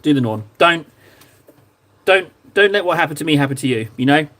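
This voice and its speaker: A man's voice: a little high, lively intonation, brisk, fairly bright tone. A young man hosting a livestream, chatting casually and teasing his viewers in a playful, joking way while he paints miniatures. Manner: playful, teasing banter with chat. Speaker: livestream host.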